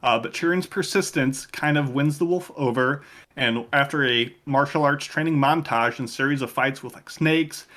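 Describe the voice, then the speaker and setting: A man's voice: mid-range voice, moderate pace, a bit bright. A man hosting a film segment on a podcast, retelling the plot in a joking, casual way.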